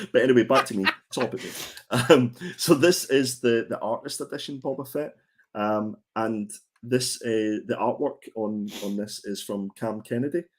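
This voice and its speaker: A man's voice: on the low side, a little mellow. A man co-hosting a comics livestream, chatting casually in a rambling, joking way. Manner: chatty, rambling, joking, with frequent fillers and restarts. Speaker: co-host of a comics show.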